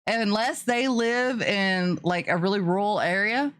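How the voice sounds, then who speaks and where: A middle-aged woman from Lower Alabama with a light, mostly smoothed-out Southern accent, chatting easily on a podcast and laughing often. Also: unhurried, a bit bright. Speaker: podcast host and paranormal investigator. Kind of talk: casual podcast conversation.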